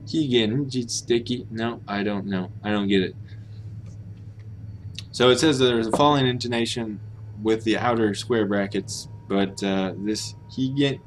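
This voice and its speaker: A man streaming a game thinks aloud and mutters while working out how to pronounce Japanese words in the game text. His voice is lowish and his pace measured, with a little hiss or hum in the recording.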